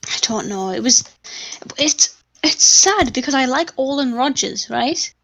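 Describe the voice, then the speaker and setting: A woman with a fairly high voice chatting offhandedly during a game livestream. Her tone stays low-key. A faint hiss sits under it. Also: lively intonation, unhurried, fairly bright tone, rough recording. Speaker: co-host in the room. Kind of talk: casual chat.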